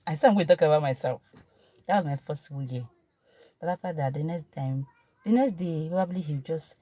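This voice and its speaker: A woman's voice: deep voice, brisk. A woman in her thirties with a Nigerian accent, telling a personal story in an emotional, repetitive way. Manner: emotional, repetitive, shifts from animated to hushed. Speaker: vlogger. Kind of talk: personal testimony.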